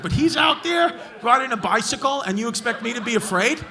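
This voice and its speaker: A man working a comedy club crowd, brash and profane as he roasts hecklers. His voice sits very high for a man. A lively club audience carries under him throughout. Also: quick pace, hardly any pauses. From Brooklyn, New York. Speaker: stand-up comedian. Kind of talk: stand-up crowd work. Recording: live club audience noise. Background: laughing club audience.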